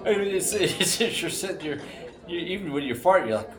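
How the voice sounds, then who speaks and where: A man co-hosting a podcast, joking loudly and swearing freely in casual chat. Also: high voice, lively intonation, fairly quick, crowd noise. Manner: loud, joking and profane. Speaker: podcast co-host.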